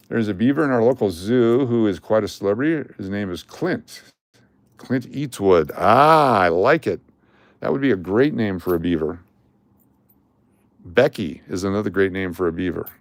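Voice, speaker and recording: A man's voice: fairly low pitch, animated, normal speed, pauses often, darkish tone, no echo. An older man streaming live, chatting casually and joking while he sorts coins and calls out their dates. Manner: chatty and jokey, calling out coin dates and mint marks. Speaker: coin collecting live streamer.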